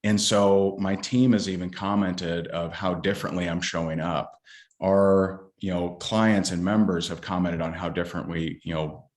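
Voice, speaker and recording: A middle-aged man, an entrepreneur guest in an interview, telling a personal story in a halting way with many fillers and restarts. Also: low-pitched, fairly even intonation, a little mellow.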